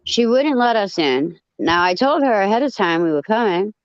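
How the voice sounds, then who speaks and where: A woman telling a story in casual chat, blunt and profane, with animated retelling. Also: mid-range voice, moderate pace, no room sound, lo-fi sound.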